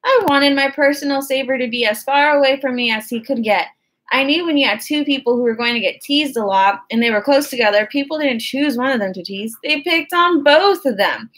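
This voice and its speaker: A woman reads an audiobook in the first person, with a conversational, wry delivery. Her voice sits a bit on the high side. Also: a little fast, a bit bright. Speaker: audiobook narrator.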